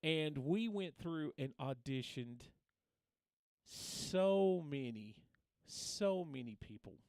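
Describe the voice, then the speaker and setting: A man's voice: on the high side, animated, slow, a little mellow, smooth, no room sound. A man hosting a casual guitar livestream, telling long rambling stories with many restarts and reading out viewer names. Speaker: guitar teacher and livestream host.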